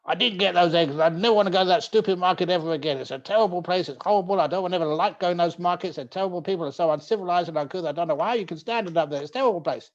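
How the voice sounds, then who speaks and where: A man's voice: very high-pitched, normal speed, hardly any pauses, warm tone, highs cut off, pitched above the performer's own voice. A man voicing a flustered husband who rants about how terrible the market was. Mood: exasperated. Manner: exasperated ranting. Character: flustered, easily upset husband.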